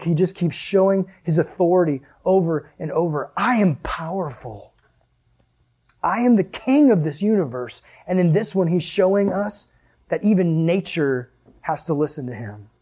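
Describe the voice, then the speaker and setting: Husky-voiced young man giving a chatty sermon. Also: on the high side. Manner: animated, chatty, heavy use of "like". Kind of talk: casual sermon.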